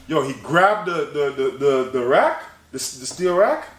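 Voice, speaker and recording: A young man hosting a podcast, telling a story in casual chat, animated and laughing, with "bro" in nearly every line. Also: medium pitch, normal speed. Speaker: podcast host. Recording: roomy echo, faint noise.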